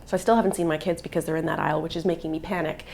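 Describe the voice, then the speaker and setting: A woman's voice: low voice, fairly even intonation, very fast, vocal fry, darkish tone, a little hiss or hum. A mother vlogging live, telling an upsetting story in an agitated, emotional way and filling it with "like.". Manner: agitated, upset retelling with many "like" fillers.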